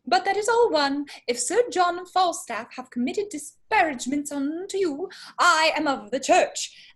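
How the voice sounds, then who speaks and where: A woman doing a fussy comic country parson. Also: sits high. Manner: lively, breaks off laughing at her own accent. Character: comic fussy Welsh parson, middle-aged man. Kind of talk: casual amateur play reading.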